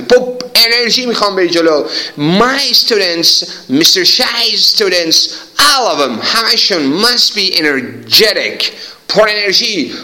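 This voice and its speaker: A male English teacher drills his students with boundless energy. He repeats each phrase again and again, switching between languages as he goes. His voice sits a touch high and sounds bright and forceful. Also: rough recording.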